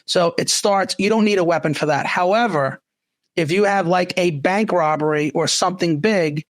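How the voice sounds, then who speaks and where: A former police officer co-hosts a casual talk-show podcast discussion, speaking in restarts and asides. His voice is high, at a normal speed, with no echo.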